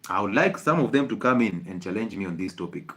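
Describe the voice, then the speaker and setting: A man's voice: on the low side, expressive, fast talker. A man with a Kenyan accent, a doctor giving an emphatic, rhetorical health talk that repeats its points for effect.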